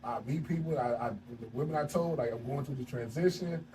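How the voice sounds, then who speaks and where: Fast-talking man, distant and noisy. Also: mid-range voice. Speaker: podcast guest. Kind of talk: casual chat. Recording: distant mic with noticeable background noise.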